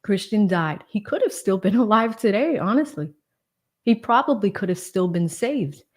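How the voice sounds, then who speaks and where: A woman's voice: medium pitch, expressive, moderate pace. A woman hosting a true crime commentary livestream, indignant and emphatic, talking straight to her viewers. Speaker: livestream host.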